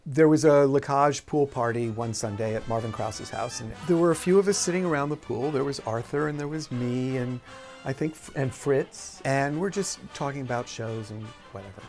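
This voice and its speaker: Man telling halting backstage stories. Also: mid-range voice, darkish tone, soft background music. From Boston, USA. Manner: storytelling with halting restarts. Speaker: guest recalling theatre production. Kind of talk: casual anecdotal conversation.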